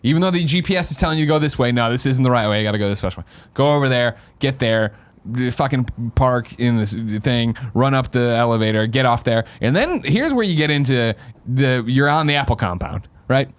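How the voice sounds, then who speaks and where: A man hosting a podcast, telling a story in a casual, animated way, swearing freely and acting out voices. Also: mid-range voice, fairly quick, clear, resonant tone. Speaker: podcast host.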